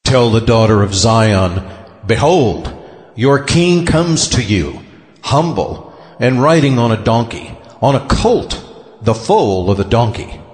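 A man playing an ancient prophet proclaiming, slow and deliberate, in a dramatized scripture reading. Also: medium pitch, lively intonation, darkish tone. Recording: echoey long reverb hall.

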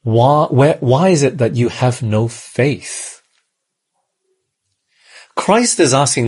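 A man's voice: medium pitch, expressive, slow pace, pauses often, darkish tone, breathy edge. A man from Australia, preaching a sermon in a conversational way and often checking in with the listeners. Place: church in Malaysia.

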